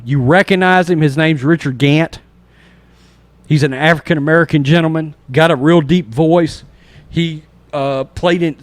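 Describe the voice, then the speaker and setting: A man hosting a casual horror movie review podcast, retelling scenes with animated energy and acting out sound effects and reactions. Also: a little high, no echo. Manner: animated storyteller, imitates sounds and acts out reactions. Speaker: podcast host.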